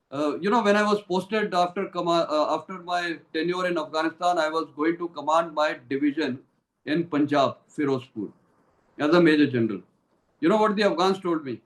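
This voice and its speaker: An older man with an Indian English accent speaks with a fairly high voice in an interview. He talks emphatically, like the retired general he is, with lots of "uh" fillers and quick slips into Hindi. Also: rough recording. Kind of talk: impassioned interview answers.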